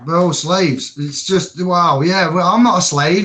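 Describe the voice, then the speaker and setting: A man's voice: fairly high pitch, unhurried, a bit bright, a little hiss or hum. A man on a panel talk, emotional and rambling, swearing now and then. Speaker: panel guest. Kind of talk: impassioned panel chat.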